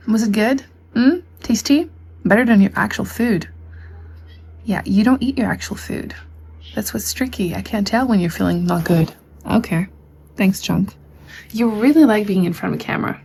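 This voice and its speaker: A woman's voice: mid-range voice, unhurried, long pauses, darkish tone, husky. A woman book vlogger chatting casually at home, recorded on the camera's own mic. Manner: chatty, talks baby talk to her cat. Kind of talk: casual vlog chat. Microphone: camera mic, no external mic.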